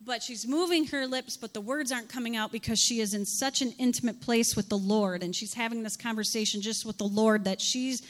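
A woman's voice: a little high, brisk, hardly any pauses. Woman pastor preaching in a reverberant hall. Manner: animated, acts out scripture dialogue and asks rhetorical questions. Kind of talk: sermon.

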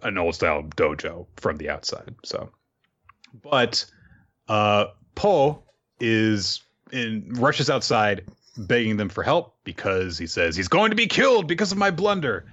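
A man with a fairly low voice talks through an episode recap in a loose, chatty way, chuckling at the scenes as he goes. The recording sounds dull and lo-fi. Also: sing-song, unhurried, fairly bright tone. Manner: chatty, laughs while retelling scenes. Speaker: podcast host recapping an anime episode. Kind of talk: casual recap.

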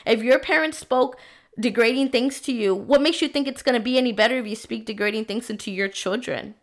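A woman's voice: fairly high pitch, a little fast. A young woman hosting a faith-based motherhood podcast, talking earnestly with lots of "right?" and "like", her voice worn from being sick. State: sick, voice affected. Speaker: podcast host.

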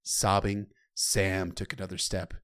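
A man with a low, bright-edged voice speaks slowly in a totally flat tone. He's retelling a chapter of a novel loosely and conversationally, tossing casual asides to the listener and swearing now and then.

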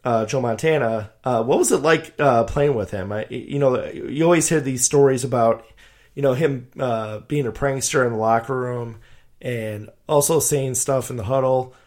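A man co-hosting a podcast, his voice of ordinary middle pitch. He asks his questions haltingly, with frequent "uh" pauses, in a relaxed, conversational way. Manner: hesitant questions with "uh" fillers. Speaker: podcast co-host. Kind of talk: casual interview questions.

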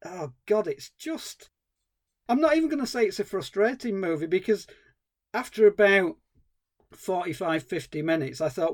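A man's voice: high voice, animated, moderate pace. A man co-hosting a film podcast, ranting in an exasperated, casual review style. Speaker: podcast co-host.

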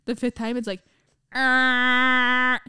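A teenage girl chatting casually with a friend, asking quick questions and laughing mid-sentence. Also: fairly high pitch, a little mellow, dry recording, clean studio sound. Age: teens. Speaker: co-host. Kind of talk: casual chat. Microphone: microphone.

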